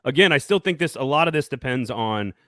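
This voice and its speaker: Joking sports show co-host. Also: male voice, medium pitch, lively intonation, fairly quick, a bit bright, no room sound, studio quality. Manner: jokey, laughs often, hypes co-host. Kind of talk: casual sports talk with ad reads. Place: Nashville studio.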